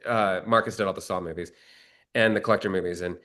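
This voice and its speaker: Bright-voiced man telling a story. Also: lowish voice, fast talker. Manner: animated storyteller, acts out quoted dialogue in a raised voice. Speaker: screenwriter and actor, guest. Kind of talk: casual interview storytelling.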